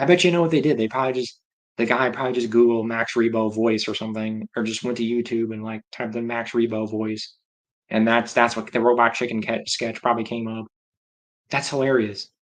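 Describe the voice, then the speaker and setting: A medium-pitched man hosts a livestream in a low-quality recording. He chats casually, rambling as he reacts aloud to viewer comments.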